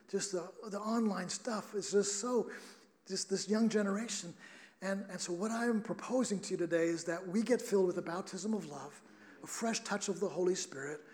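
A man's voice: sits high, darkish tone. A middle-aged man preaching a sermon, telling a personal story earnestly with many restarts.

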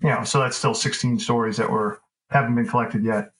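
A man's voice: mid-range voice, brisk, poor audio. Chatty man, full of fillers. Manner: relaxed, rambling, many fillers and restarts. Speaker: author guest. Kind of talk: casual interview conversation.

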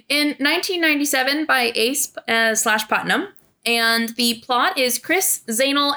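A woman's voice: on the high side, sharp tone. A young adult woman hosting a casual book club podcast, chatty and self-mocking. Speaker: podcast host.

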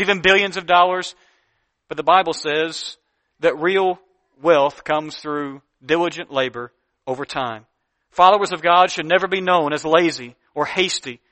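A man preaching a sermon, reading Bible verses slowly and deliberately and then explaining them in earnest, plain talk with emphatic repeated lists. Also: high-pitched, pushed and bright. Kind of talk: sermon teaching from Proverbs.

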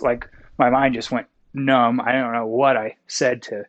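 A young man from Wyoming tells a long story as an interview guest, folksy and rambling, often correcting himself mid-sentence. His voice sits at an ordinary pitch, and the recording sounds slightly dull and lo-fi. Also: flat delivery, measured pace, a bit bright.

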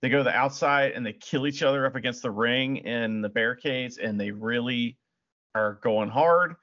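Relaxed male podcast co-host with a bright, forward voice, rambly and good-humored; dull audio. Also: mid-range voice, moderate pace. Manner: laid-back, laughing, hedges with "you know". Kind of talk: casual podcast chat.

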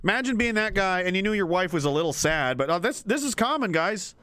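A man's voice: high-pitched, fast, clean tone, no room sound, clean studio sound. A man streaming and reading chat, ranting casually with lots of swearing and frequent laughter. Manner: animated, laughs often, swears freely. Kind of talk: casual profane rant.

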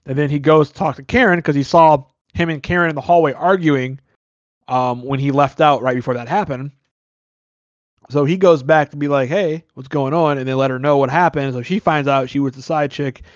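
Animated man on a dull, dry mic. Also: a little high, a little fast, dry recording. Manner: animated, incredulous, swearing. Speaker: podcast co-host. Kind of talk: casual movie review chat.

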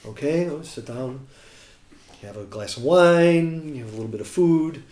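American man telling a lively story. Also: on the high side, moderate pace. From United States. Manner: animated storyteller who acts out quotes. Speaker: guest musician. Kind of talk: casual anecdote telling. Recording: roomy echo.

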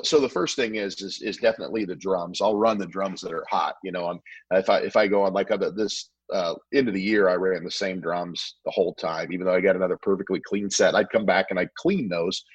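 A man tells stories at a fast clip, often tripping over and restarting his words. His voice sits low and a little husky. It is recorded close and dry. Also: no room sound, poor audio. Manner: rambling, repeats words, quick restarts. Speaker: podcast guest, barbecue pitmaster. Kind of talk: casual storytelling chat.

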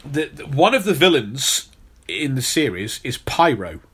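A man's voice: medium pitch, very animated, unhurried, a bit bright, breathy edge. Chatty man telling a story. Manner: storytelling, repeats words when restarting. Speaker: podcast host. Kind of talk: casual podcast chat.

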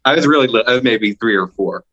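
A man who is a guest on a comedy podcast, reminiscing in a relaxed, chuckling way. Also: medium pitch, dull audio. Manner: reminiscing, chuckling, slightly halting. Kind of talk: casual storytelling chat. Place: office.

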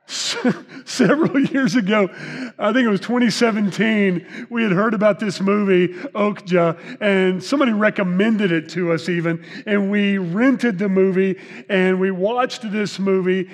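High-voiced man preaching in a hall. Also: a little slow. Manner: chatty, joking with the congregation, asks many questions. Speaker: pastor. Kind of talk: sermon. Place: church sanctuary. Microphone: microphone. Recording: reverberant hall.

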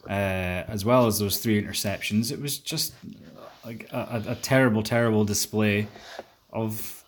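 A man co-hosting a casual sports podcast, talking through games in a measured, opinionated analysis manner, recorded on a phone. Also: on the low side, fairly even intonation, slight background noise. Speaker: podcast co-host.

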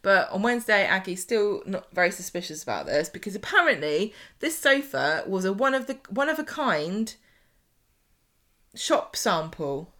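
A woman co-hosts a podcast, recapping soap opera plots in casual, animated chat and acting out the characters' lines. Her voice is mid-range and she speaks at normal speed.

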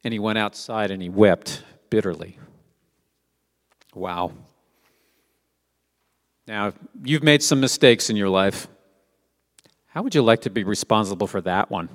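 A man's voice: lowish voice, animated, unhurried, pauses often. Man preaching in a reverberant hall. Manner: conversational, asks rhetorical questions. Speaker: Messianic teacher. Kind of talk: sermon with scripture reading.

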